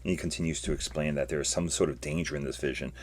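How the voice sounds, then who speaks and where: A man hosting a podcast, recapping a comic in a casual, excitable way. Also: extremely low pitch, racing. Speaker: podcast host.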